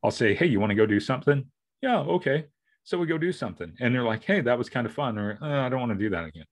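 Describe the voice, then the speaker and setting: Very fast and animated, this middle-aged man co-hosts a podcast in a medium-pitched voice. The casual chat rambles along with many restarts as he plays out things his family members said.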